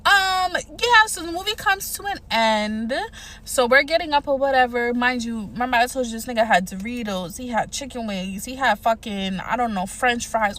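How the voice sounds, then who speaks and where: Animated woman telling a storytime. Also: sits high, slight background noise. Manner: animated, profane, acts out quotes. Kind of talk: casual storytime.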